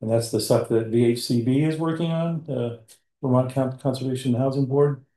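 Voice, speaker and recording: A man's voice: medium pitch, fairly even intonation, normal speed, warm tone. A man in a casual meeting discussion, hedging with lots of fillers. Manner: hedging, lots of likes and you knows. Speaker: forester on planning board. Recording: echoey room.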